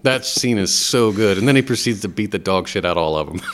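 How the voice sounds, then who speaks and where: A man's voice: on the low side, animated, normal speed. A man co-hosting a podcast in casual, enthusiastic chat, laughing often. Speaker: podcast co-host.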